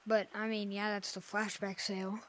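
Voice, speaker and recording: A woman's voice: medium pitch, level tone, moderate pace, slight background noise. A woman giving playful, silly gameplay commentary into a headset mic, swinging from mumbled asides to squeals. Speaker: gaming video creator.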